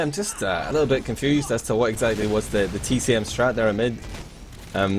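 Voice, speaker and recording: Irish male caster, live game commentary, relaxed and chatty, steady noise behind. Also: medium pitch. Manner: chatty, laughs easily, many fillers. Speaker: esports caster. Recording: noisy background.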